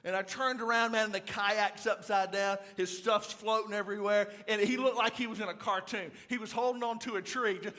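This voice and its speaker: Animated high-voiced pastor preaching. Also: male voice, fairly quick, hardly any pauses. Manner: animated storytelling, repeats words, acts out shouts. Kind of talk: sermon. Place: church auditorium.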